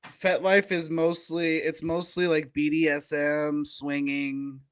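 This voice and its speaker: Male co-host, slightly higher pitch, jokey casual delivery. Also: flat delivery, takes it slowly, smooth. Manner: joking, swears casually. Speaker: podcast co-host. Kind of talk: casual comedy podcast chat.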